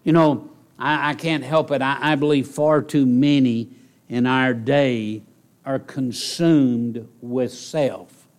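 A man delivers an earnest, conversational sermon in a medium-pitched, steady, unhurried voice. He drops in asides and puts direct questions to the congregation, at times rising into raised, emphatic passages.

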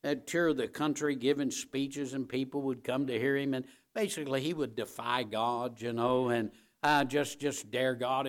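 A middle-aged man delivering a sermon in an emphatic preaching style. He repeats key phrases for weight and moves between hushed, low stretches and loud, driving climaxes. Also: fairly even intonation, normal speed. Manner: emphatic, repeats phrases, rises and falls in volume.

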